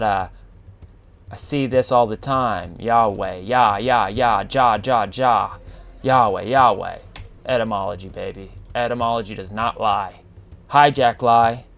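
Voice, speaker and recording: A man's voice: mid-range voice, smooth. A man hosting a casual podcast monologue, reading definitions aloud and calling the listener man and bro. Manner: slow, drawn-out, addresses listener as man and bro. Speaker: podcast host.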